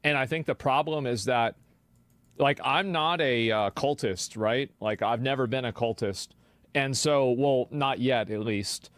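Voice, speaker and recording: A man's voice: medium pitch, measured pace, a bit bright, dry recording. Man musing hesitantly in a clip. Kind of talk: casual streamed commentary.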